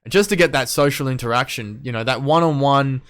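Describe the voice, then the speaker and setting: A man's voice: mid-range voice, fairly quick, a bit bright. A young man, a DJ and producer, chatting casually on a podcast with lots of ums and casual swearing. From Western Australia. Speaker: guest DJ and producer.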